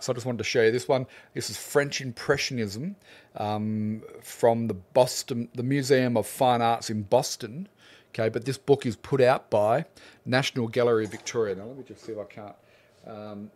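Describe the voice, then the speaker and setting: A friendly middle-aged man with an Australian accent, talking casually to his livestream audience. His voice sits at a medium pitch and stays relaxed and chatty, like an art teacher warming up a weekly Q&A. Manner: friendly, greets viewers one by one by name.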